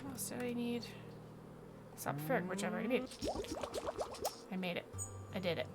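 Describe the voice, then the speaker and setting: A woman streaming a video game, commenting in a dry, low-key way and muttering to herself. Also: lively intonation, moderate pace, loud music behind the voice.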